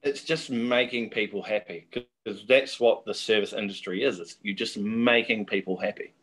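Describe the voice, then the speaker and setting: A man's voice: lowish voice, steady tone, normal speed, a bit bright, slightly rough. A middle-aged man, a guest telling chatty, laughing anecdotes in a casual interview.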